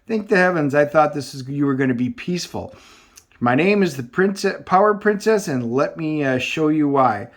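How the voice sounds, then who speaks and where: A man's voice: on the high side, lively intonation, normal speed, natural voice. A man reading as a boastful warrior princess. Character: proud fierce female superhero warrior princess.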